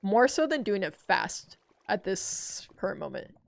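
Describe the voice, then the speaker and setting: A woman in her twenties giving casual gameplay commentary, animated and self-deprecating, cursing as she rants. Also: mid-range voice, a little slow, creaky. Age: 20s. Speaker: gaming streamer.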